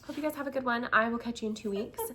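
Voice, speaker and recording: A woman's voice: on the high side, fast talker, bright, forceful tone, slightly rough. A woman in her thirties from the United States, chatting casually to her viewers, giggly and full of fillers. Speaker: vlog host.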